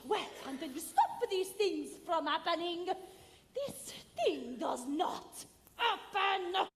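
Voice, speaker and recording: An actress playing a haughty Italian prima donna in a stage musical, with an Italian accent and a theatrical, fussy manner. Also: female voice, very high voice, lively intonation, slow pace, a little hiss or hum, exaggerated voice. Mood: indignant. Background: orchestral music.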